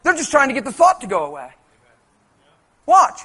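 A male preacher delivers his sermon in a high, lively voice. He talks in an animated, colloquial, conversational way. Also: normal speed.

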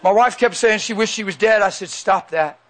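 A man's voice: high-pitched, fairly even intonation, fast, a bit bright. A man preaching a sermon into a handheld mic, emphatic and repeating phrases for weight.

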